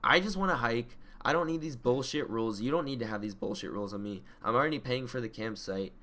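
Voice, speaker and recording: A man's voice: medium pitch, quick pace, bright, forceful tone. Ranting young man, heated and profane. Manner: profane, ranting, gets worked up. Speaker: podcast co-host. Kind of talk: casual chat.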